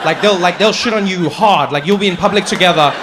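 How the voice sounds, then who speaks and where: High-voiced stand-up comic in a big hall. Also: male voice, fast talker, background noise. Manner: animated storytelling, exaggerated. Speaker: stand-up comedian. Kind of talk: stand-up comedy. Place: large theatre, live audience. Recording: live hall, audience laughter.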